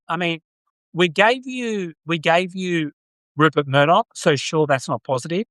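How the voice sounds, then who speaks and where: A man's voice: a little high, fairly bright tone, dry recording, rough recording. A man with an Australian accent hosting a live podcast stream, chatting casually with viewers and rambling with many fillers and restarts.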